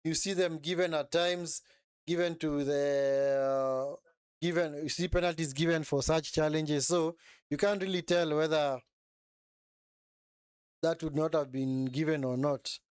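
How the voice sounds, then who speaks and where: A man's voice: fairly high pitch, measured pace, clean tone, dry recording, studio quality. A man hosting a live football watchalong, reacting to the play as it happens, repeating phrases and tagging sentences with "eh?". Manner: excitable, repeats phrases, frequent tag "eh?". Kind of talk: live match commentary and chat.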